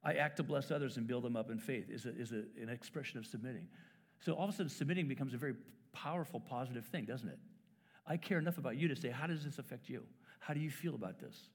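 A middle-aged man preaching a sermon as pastor, telling stories and acting out conversations with lively shifts in voice. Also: medium pitch, fast talker, breathy edge. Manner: storytelling, acts out dialogue with lively shifts. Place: church sanctuary. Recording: church hall reverb.

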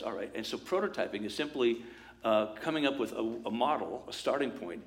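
A man preaching a sermon as pastor, in a lively conversational way, acting out quoted voices and asides. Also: mid-range voice, a little fast.

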